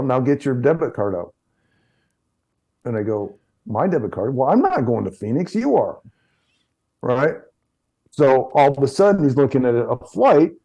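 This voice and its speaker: Middle-aged guy with a warm mellow voice, telling stories in an interview, lots of restarts. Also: mid-range voice. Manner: anecdotal, repeats words, restarts sentences. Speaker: chiropractor guest. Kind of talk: interview conversation.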